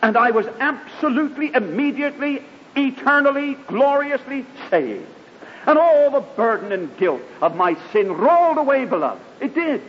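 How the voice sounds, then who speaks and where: A man's voice: sing-song, moderate pace. A man preaching a sermon, telling his own conversion story in a fervent, emphatic way. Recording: dull lo-fi hall recording with faint rumble.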